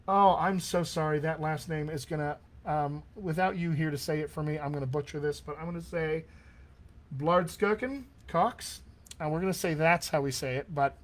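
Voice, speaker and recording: A man with a slightly high-pitched voice talks warmly and eagerly to his online audience. He is a dialect coach closing out a live class, reading comments aloud and pointing people to his courses. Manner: enthusiastic, chatty, reads out viewer comments. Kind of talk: live-streamed Q&A wrap-up.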